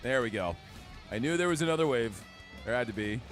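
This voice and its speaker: A young man commenting excitedly on his gameplay, chatty and trash-talking enemies as he streams. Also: medium pitch, a little fast. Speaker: gaming streamer. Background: game music.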